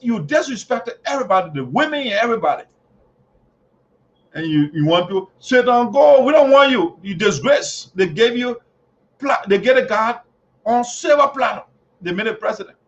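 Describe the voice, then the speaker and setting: Mocking high-voiced man ranting. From Liberia. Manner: mocking, taunting, chanting jeers. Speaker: online show host. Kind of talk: heated political commentary. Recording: dull lo-fi audio.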